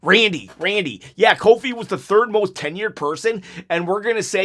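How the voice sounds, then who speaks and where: A man's voice: sits high, lively intonation, moderate pace, few pauses, fairly bright tone. A man venting in a frustrated, emotional reaction vlog, stumbling and restarting as he talks. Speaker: wrestling YouTuber.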